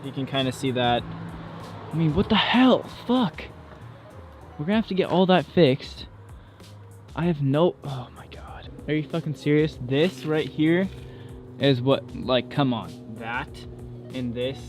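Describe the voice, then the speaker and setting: A man's voice: on the high side, expressive, a little slow, long pauses, soft background music. A young man vlogging casually outdoors around his car, talking frankly and swearing in exasperation. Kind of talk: casual vlog.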